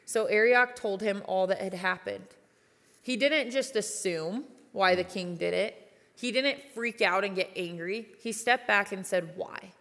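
A woman's voice: mid-range voice, measured pace, a bit bright. A young woman youth pastor giving an earnest, conversational sermon with personal stories. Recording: long reverb of a large hall.

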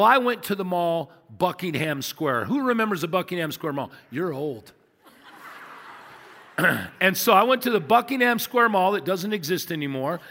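A pastor in his fifties preaches a sermon in a large church, leaning on emphatic repetition and rhetorical questions. His voice is high, pushed and bright, and the recording carries a long hall reverb.

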